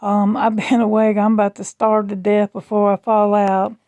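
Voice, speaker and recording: A woman vlogging at home in rambling, chatty talk with a gravelly fry. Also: mid-range voice, flat delivery, mellow, no room sound. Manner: rambling, chatty, slow and drawling. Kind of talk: casual chat.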